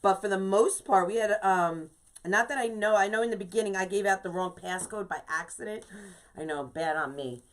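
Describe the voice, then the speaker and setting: A woman's voice: medium pitch, moderate pace. Chatty woman hosting a craft livestream. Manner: chatty, greets viewers by name, lots of "okay?". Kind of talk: casual live-stream craft tutorial.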